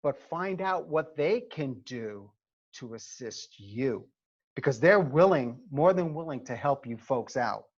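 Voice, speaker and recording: A middle-aged New Yorker and former Army first sergeant speaks at medium pitch and a measured pace over lo-fi video call audio. In a conversational seminar talk, he animatedly tells stories to advise students, often pausing to check in with "okay?"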